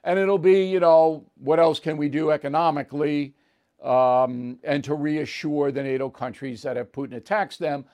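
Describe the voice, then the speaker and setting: A man's voice: on the high side, fairly even intonation, moderate pace, darkish tone. Blunt, emphatic male show host. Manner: emphatic and blunt, punctuating points with "okay?" and "all right?". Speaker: political commentator hosting his own show. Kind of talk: opinion commentary monologue.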